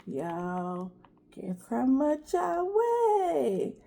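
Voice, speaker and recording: Sex: woman. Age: middle-aged. Pitch: high. Pace: slow, unhurried. Style: chatty eat-with-me vlog, storytelling straight to viewers. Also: wildly swooping pitch, gravelly, mellow. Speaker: vlogger. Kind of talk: casual eat-with-me chat.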